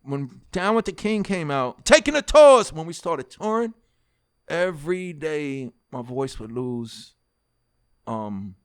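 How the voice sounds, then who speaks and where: A man's voice: on the high side, slow, smooth. A middle-aged man with a New York accent, a rapper telling a long story as a podcast guest, acting out the voices of other people and swearing freely. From United States. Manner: animated storyteller who acts out dialogue, swears freely. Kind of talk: storytelling in a casual interview.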